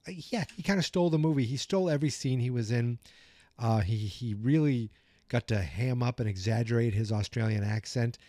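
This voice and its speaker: Podcast host, male, Boston accent, rambling and self-correcting, mellow dark tone, dry close sound. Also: mid-range voice, no room sound. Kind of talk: casual movie review chat.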